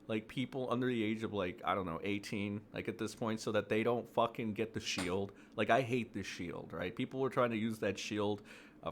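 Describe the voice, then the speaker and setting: A man's voice: fairly low pitch, a little hiss or hum. A man ranting through casual commentary, profane and exasperated, full of fillers and mocking quotes. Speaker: commentary streamer.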